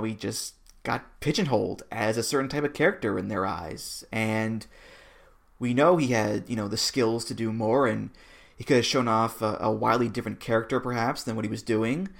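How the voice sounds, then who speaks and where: A man's voice: mid-range voice, vocal fry. Analytical male podcast co-host. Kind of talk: casual chat about wrestling theme songs.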